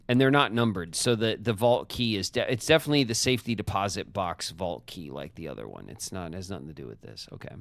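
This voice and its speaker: A man with a fairly low voice thinks aloud while he plays a puzzle game live. He chats with his viewers in a loose, joking way and keeps up a stream of commentary. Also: vocal fry. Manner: chatty, talks to chat and himself, jokey asides. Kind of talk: casual live gameplay commentary.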